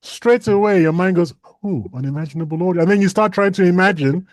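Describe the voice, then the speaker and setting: A man's voice: high-pitched, fairly even intonation, a little fast, no room sound. A man co-hosting a talk show in casual chat, teasing and reacting with short exclamations.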